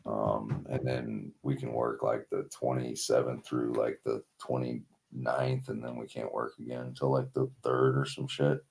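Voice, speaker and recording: A man's voice: rumbling low, little pitch movement, a little slow, creaky, few pauses, darkish tone. A man on a casual streamed talk show, telling a rambling story about his tow truck job, swearing and packing his talk with fillers. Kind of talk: casual podcast chat.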